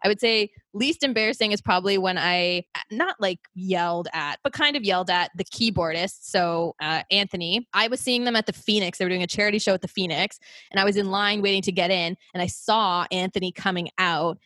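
A woman's voice: mid-range voice, brisk, fairly bright tone, dry recording. A young woman from Canada hosting a podcast, telling stories in a rambling, casual way with many fillers and restarts. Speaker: podcast host. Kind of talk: casual chat.

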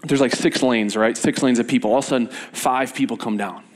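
A young man, a youth pastor, preaching and telling stories with lively energy. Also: medium pitch, brisk. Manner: energetic, animated storytelling with laughs. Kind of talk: sermon with storytelling.

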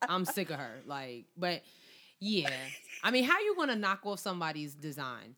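A woman's voice: on the low side, sing-song, moderate pace, bright, forceful tone. A woman from New York, co-hosting a podcast, telling stories in casual, slangy chat and laughing often. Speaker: podcast co-host.

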